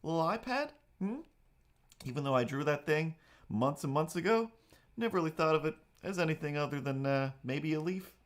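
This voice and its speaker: A man's voice: a little high, fairly quick. A man hosting his own livestream, chatting casually and playfully to himself and his cat in a rambling way. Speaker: livestream host.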